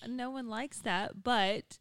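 A woman in casual chat who laughs often and tells stories in an animated, teasing way. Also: fairly high pitch, slow, smooth, dry recording, clean studio sound.

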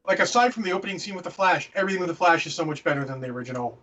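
A man's voice: high-pitched, expressive, racing, pushed and bright, distant mic, muffled recording. A man co-hosting a casual movie review podcast, opinionated and ranting, swearing freely. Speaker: podcast co-host.

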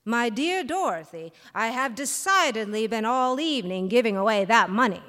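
On a live stage with long hall reverb, a woman with a slightly high, somewhat bright voice performs at a measured pace, very animated. She voices a battered young man who speaks solemnly, with formal and defiant politeness.

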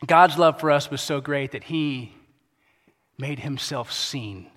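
Man preaching in a reverberant hall. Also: on the high side. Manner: conversational, acts out quick voices, drops to soft quiet emphasis. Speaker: pastor. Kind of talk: sermon. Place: church sanctuary.

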